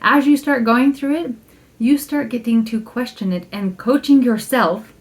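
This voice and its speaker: Enthusiastic, chatty woman life coach. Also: fairly high pitch. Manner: enthusiastic and chatty, laughs often, acts out her own thoughts in quotes; emphatic, slows down to stress key points. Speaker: life coach and podcast host. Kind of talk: casual podcast monologue.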